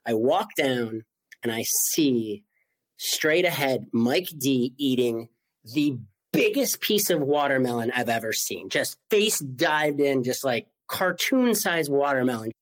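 Guest in his forties, lively storytelling man, mid-pitched voice. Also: takes it slowly. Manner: animated, acts out quoted voices, many "like" fillers. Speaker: interview guest. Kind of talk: storytelling in conversation.

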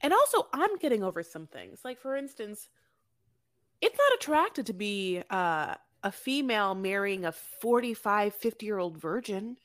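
A woman's voice: medium pitch, moderate pace. A woman co-hosting a podcast, chatting casually about a reality show and acting out lines from it. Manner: chatty, animated, acts out quotes from the show. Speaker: podcast co-host.

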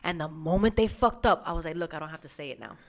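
A woman's voice: deep voice, animated, fast talker. A woman co-hosting a casual chat, reflecting candidly and thinking aloud, with slang.

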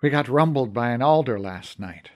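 A man voicing a gruff, blunt male companion from a fairy land in an audiobook, grumbling and cursing. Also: mid-range voice, expressive, normal speed, natural voice. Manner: blunt, grumbling, curses a lot. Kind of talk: audiobook character voice.

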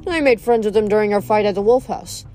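A woman's voice: mid-range voice, quick pace, warm tone, faint music behind, close to an everyday voice. A woman reading as a polite, friendly teen boy. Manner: polite, respectful.

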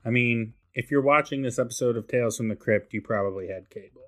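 A man's voice: medium pitch, quick pace, a bit bright. Laid-back man reacting in casual chat. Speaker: podcast co-host.

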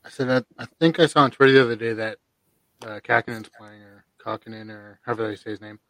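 A man's voice: mid-range voice, fast talker, fairly bright tone, no room sound, poor audio. A man co-hosting a podcast in casual chat, laid-back and laughing along with his friends. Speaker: podcast co-host.

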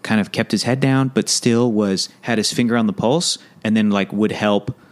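A man's voice: fairly low pitch, fairly even intonation, normal speed. A man in his thirties from Southern California, hosting a casual film chat and rambling with many fillers.

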